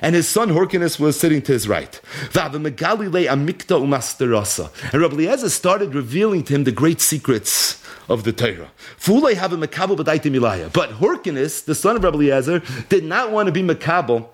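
A man teaching a Talmud lecture. He reads Aramaic text aloud, then translates it and tells the story with animated energy. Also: fairly high pitch, fairly quick, husky. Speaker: Torah teacher.

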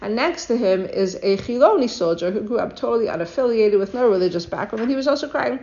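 A woman's voice: a little high, lively intonation, fast talker, darkish tone. A woman teaching a weekly Torah lesson in an earnest, exhorting way, full of rhetorical questions, on a dull lo-fi recording.

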